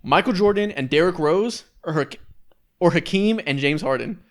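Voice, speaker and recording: A man's voice: a little high, expressive. A young man co-hosting a casual sports podcast, joking and running a quiz game. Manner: joking, quick banter.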